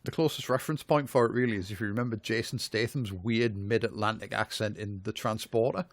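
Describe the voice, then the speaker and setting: A man's voice: on the low side, fairly even intonation, a little fast, dry recording. A man co-hosting a podcast, reviewing a film in rambling, amused casual chat full of fillers. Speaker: podcast co-host.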